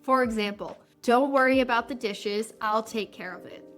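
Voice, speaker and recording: A woman's voice: a little high, normal speed, a bit bright, faint music behind. Friendly woman teaching everyday phrases. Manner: clear, friendly teaching delivery. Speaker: English teacher. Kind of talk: scripted lesson narration.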